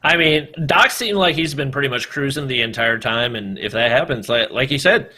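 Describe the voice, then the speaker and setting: A man's voice: mid-range voice, normal speed, sharp tone. A man casting a live mobile shooter match, chatty and analytical, breaking down the play as it happens. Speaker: esports commentator. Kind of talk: live game commentary.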